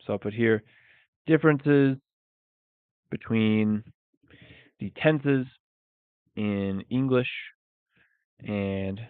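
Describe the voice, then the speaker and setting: A man teaching a live bilingual English lesson who explains slowly and repeats example phrases with emphasis. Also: lowish voice, smooth, no room sound. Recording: dry, phone-like narrow sound.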